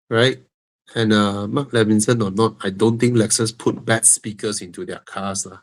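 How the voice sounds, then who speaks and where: A man's voice: fairly low pitch, steady tone, moderate pace. A man with a Malaysian English accent hosting a live car-buying Q&A, frank and joking, with a stuffy nose that makes him breathe heavily. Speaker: host answering car-buying questions. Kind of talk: live Q&A stream.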